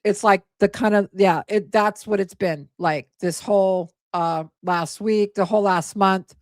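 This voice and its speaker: Woman, livestream host, hoarse, tired, emotional, mid pitch, dry sound. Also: steady tone, measured pace, no room sound. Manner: emotional, gushing, stumbles over names. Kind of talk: casual livestream chat thanking donors.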